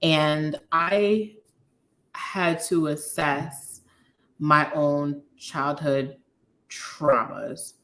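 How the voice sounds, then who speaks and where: A woman's voice: sits low, drawn-out words. A Liberian American woman in her thirties, a guest candidly telling her personal story, acting out quoted dialogue. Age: 30s. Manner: open, frank, animated retelling with quoted dialogue.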